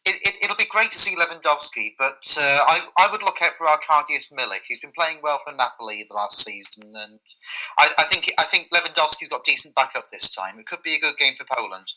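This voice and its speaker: A podcast co-host with a strikingly bright, edgy tone that swings up and down in pitch. He talks in halting bursts, restarting his sentences before settling into dry, wry asides. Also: animated, rough recording. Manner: hesitant, with many stumbling restarts. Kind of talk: casual chat.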